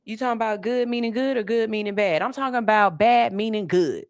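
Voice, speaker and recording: A woman's voice: on the high side, fairly quick. A woman hosting a podcast, delivering blunt, profane, emphatic commentary in a casual style. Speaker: podcast host.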